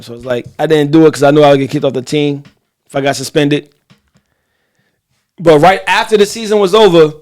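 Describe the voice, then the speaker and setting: A man co-hosting a casual talk show, telling stories in a loose, profane, animated way and asking listeners what they think. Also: on the high side. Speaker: podcast co-host.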